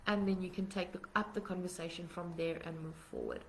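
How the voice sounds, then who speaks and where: Low-voiced woman teaching parents. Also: steady tone, fairly quick, a little hiss or hum, poor audio. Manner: earnest, explanatory, steps through numbered points. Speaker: parenting workshop host. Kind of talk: live-streamed parenting workshop. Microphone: webcam or phone on a live stream.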